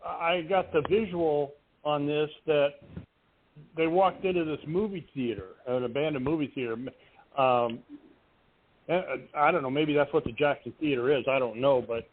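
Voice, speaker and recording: A man giving casual feedback on a poem, hesitant and halting. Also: a little high. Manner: hesitant, many fillers and restarts. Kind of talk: casual chat. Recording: tinny phone-like online audio.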